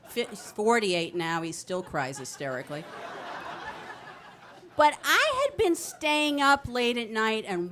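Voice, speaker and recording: Here the pitch sits in the middle range, and a faint hiss or hum runs under the recording. The speaker, a woman in her fifties from New Jersey, is on a storytelling stage in a city venue, giving a brash, comic, animated account of something true.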